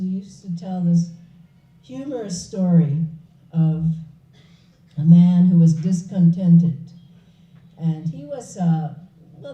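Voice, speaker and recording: A woman giving a public spiritual talk, an animated storyteller who laughs along with her own story. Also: on the low side. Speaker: spiritual speaker. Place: hall. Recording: echoey hall, distant, dull.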